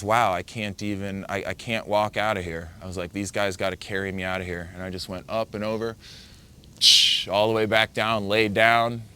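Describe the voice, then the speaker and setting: Man vividly retelling a wipeout, bright voice. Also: on the low side, clear, resonant tone. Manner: vivid, halting retelling with many fillers and self-quotes. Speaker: surfer recounting a wipeout. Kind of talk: casual storytelling interview.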